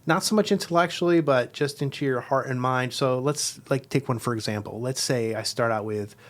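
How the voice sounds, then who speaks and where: Earnest man explaining a devotional practice. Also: medium pitch. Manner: earnest, reflective, often slows to stress words. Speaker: guest teacher.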